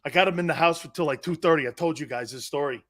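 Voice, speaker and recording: A middle-aged man hosting a sports talk show, telling stories loudly and laughing often. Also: a little high, quick pace. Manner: loud, laughing, impersonates family in quotes. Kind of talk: animated sports talk storytelling.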